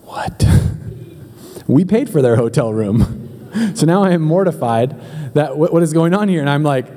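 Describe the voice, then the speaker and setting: A man's voice: fairly high pitch, expressive, normal speed, mellow, in a large hall. A man preaching as a pastor, telling a humorous story in a chatty, joking way and speaking straight to his congregation. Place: church hall.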